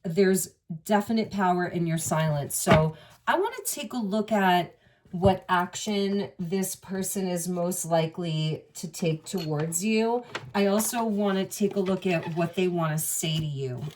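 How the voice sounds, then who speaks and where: A woman reads tarot cards in a lowish voice, musing and intimate, talking right to the listener. She sits a little back from the microphone, so her voice sounds slightly distant. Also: a little slow, a little mellow, slight background noise. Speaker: tarot reader. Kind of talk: spoken tarot reading to the viewer.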